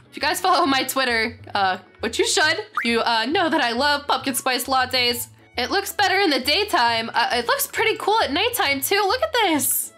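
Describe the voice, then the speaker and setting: Young woman, high bright voice, excitable game commentary, gushing, faint music behind. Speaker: gaming channel host. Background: faint background music.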